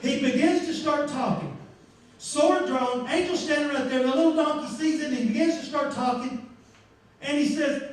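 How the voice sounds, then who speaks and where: High-voiced preacher in an echoey church. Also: male voice, normal speed. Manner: lively storytelling, acts out voices, bursts into shouts. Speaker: pastor. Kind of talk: sermon. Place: church sanctuary. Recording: echoey church room, mic far off.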